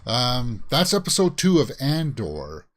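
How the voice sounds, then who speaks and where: A man's voice: mid-range voice, huge pitch swings, measured pace, a bit bright. Rambling male reaction host. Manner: rambling, thinks aloud with many fillers. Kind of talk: casual spoken review.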